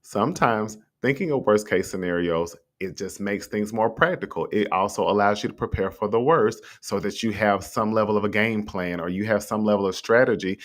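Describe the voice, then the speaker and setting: Low-voiced man hosting a motivational stream. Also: a little fast, hardly any pauses. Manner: conversational and encouraging, addresses listeners directly; swinging pitch when asking rhetorical questions. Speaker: host. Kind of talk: motivational livestream talk. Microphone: streaming setup with a mute button.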